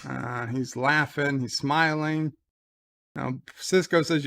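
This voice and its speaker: A man's voice: on the high side, steady tone, slow, vocal fry, fairly bright tone. A man giving casual live commentary while watching a show. He hums theme music, then recaps scenes in loose, stumbling quoted dialogue. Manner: loose, rambling, stumbles and restarts.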